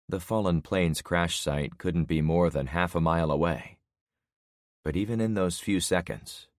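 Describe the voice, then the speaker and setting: A man narrating a story in first person with a steady, measured reading, close to the mic. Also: rumbling low, dry recording. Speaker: audiobook narrator.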